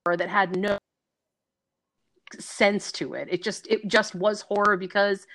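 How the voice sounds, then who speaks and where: A woman co-hosting a podcast in casual chat, earnest and insistent, with halting restarts. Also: medium pitch, fairly even intonation, fairly bright tone. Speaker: podcast co-host.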